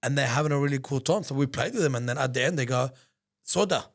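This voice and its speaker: A man telling a story as a podcast guest in casual, profane talk, excitable and full of restarts. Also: medium pitch, racing. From Australia. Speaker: podcast guest, business founder.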